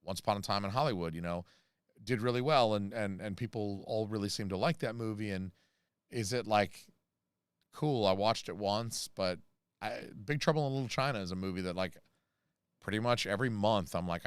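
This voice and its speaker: An American man chatting on a casual livestream, his voice a little low and smooth. He rambles and jokes with plenty of fillers, and the sound is dry and close. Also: moderate pace, no room sound. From United States. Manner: rambling, jokey, many fillers and asides. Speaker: channel host reading live chat.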